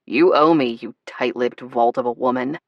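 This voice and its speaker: A woman narrator voicing a blustering but tender grown man in an audiobook, gruff and teasing. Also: rumbling low, normal speed, no echo, lo-fi sound, voice pushed down. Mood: earnest.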